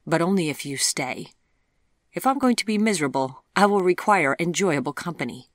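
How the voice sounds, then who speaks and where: Narrator doing charming Sheffield charmer Chip. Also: male voice, a little high, expressive, normal speed, a bit bright, no room sound, clean studio sound. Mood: cheerful. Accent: Sheffield English. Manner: cheerful, teasing, polite. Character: charming, eager young man, playful talker.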